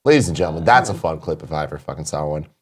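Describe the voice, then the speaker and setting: A man's voice: rumbling low, lively intonation, racing, breathy edge. A man in his thirties hosting a casual morning show, telling stories animatedly and swearing freely. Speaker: show host. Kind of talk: casual chat.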